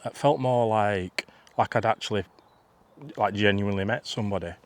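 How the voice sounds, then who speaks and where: Standing in a field, a fifty-something vlogger tells a meandering, chatty tale, often starting over and wandering off on tangents. His voice leans low, his pace is moderate, and there's slight background noise.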